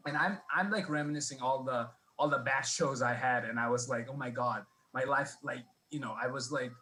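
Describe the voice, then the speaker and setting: Bright-voiced man telling a rambling stand-up story. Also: mid-range voice, brisk, rough recording. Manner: rambling, self-deprecating, many restarts. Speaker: stand-up comic. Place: comedy club stage.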